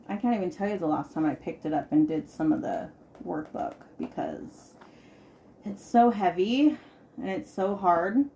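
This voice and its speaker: A woman's voice: on the low side, a little mellow, slight background noise. A woman in her thirties hosting a podcast, talking candidly and emphatically about her own life. She repeats words for stress and swears casually. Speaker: podcast host. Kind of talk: candid personal podcast talk.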